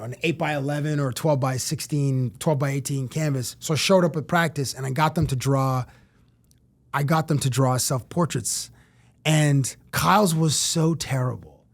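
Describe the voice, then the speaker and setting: A middle-aged man from Canada, a sports TV personality, telling lively stories as a guest in a casual interview and acting out what people said. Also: mid-range voice, gravelly. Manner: animated storyteller who acts out quotes.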